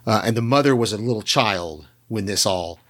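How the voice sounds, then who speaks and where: A man's voice: lowish voice, normal speed, fairly bright tone. An American man co-hosting a podcast, chatting casually about a show he watched and rambling through restarts and hedges. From United States. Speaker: podcast co-host. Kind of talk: casual chat reviewing a show.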